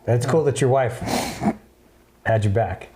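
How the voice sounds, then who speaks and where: A man's voice: mid-range voice, a little slow, background noise. A man hosting a casual interview, laid-back and swearing now and then. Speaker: podcast host.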